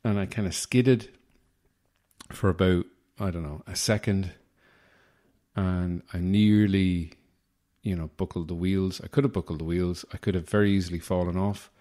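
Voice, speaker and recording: Deep-voiced Irish man, rambling wry monologue. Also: fairly even intonation, normal speed, mellow. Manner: rambling, self-deprecating, wry. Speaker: podcast host. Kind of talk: comic monologue.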